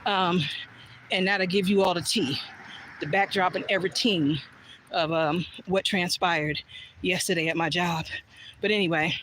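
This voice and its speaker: A woman's voice: fairly low pitch, steady tone, measured pace, pauses often, a bit bright, slight background noise. A woman chatting casually on a livestream while walking outdoors in the evening, frankly and with swearing, reading viewer comments aloud. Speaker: livestream vlogger.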